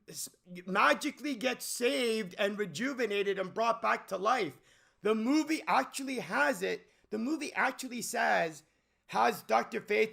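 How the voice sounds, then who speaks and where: A man with a high, gravelly voice rants about a movie off the cuff. He sounds bright and edgy as he rambles, stammers and restarts, and he keeps asking incredulous questions. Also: lively intonation, measured pace. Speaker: movie commentary channel host. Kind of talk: unscripted movie rant.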